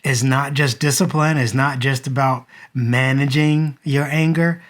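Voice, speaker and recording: A man's voice: mid-range voice, fairly even intonation, a little slow. Man in his 30s, vlogger and dad, earnest reflective storytelling straight to camera. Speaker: vlogger and father.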